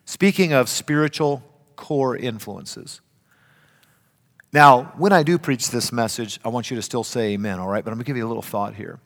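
An older man preaching a sermon, emphatic, swinging between loud and hushed. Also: medium pitch, moderate pace. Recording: reverberant hall.

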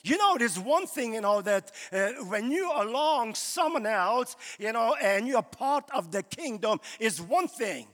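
A man's voice: very high voice, animated, a little slow, hardly any pauses, fairly bright tone, long reverb tail. A male pastor preaching a sermon in a loose, conversational way, full of "you know" fillers, recorded live in a church.

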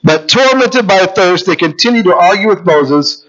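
A man preaching to his congregation in a fairly high voice. He builds through repeated questions and reads scripture aloud. The recording sounds dull and lo-fi. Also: animated, moderate pace, a bit bright. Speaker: pastor. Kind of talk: sermon.

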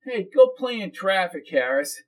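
Blunt streetwise man, voiced by the narrator; gruff and short. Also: sits high, sing-song, unhurried, pitched above the performer's own voice.

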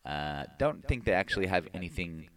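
A man hosting a radio show, introducing tracks in relaxed, rambling chat with lots of fillers. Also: deep voice, brisk. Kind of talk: casual radio DJ patter.

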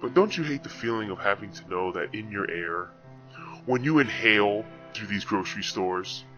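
A man doing a smooth grocery ad announcer. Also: fairly low pitch, animated, sharp tone. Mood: salesy. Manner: slow, salesy, drawn-out words. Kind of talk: mock commercial voice-over. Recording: dull lo-fi sound with music.

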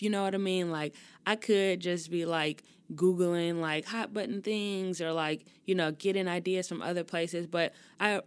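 A young adult woman with a lowish, clean-toned voice hosts her podcast solo, no echo around her. She rants and swears without restraint in a casual, expressive way.

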